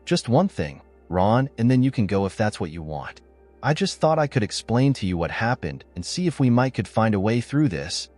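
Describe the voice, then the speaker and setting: A man voicing an apologetic wife, pleading, low-pitched, lively intonation, faint music underneath. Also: moderate pace. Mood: earnest. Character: remorseful wife pleading with her husband. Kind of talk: storytelling narration.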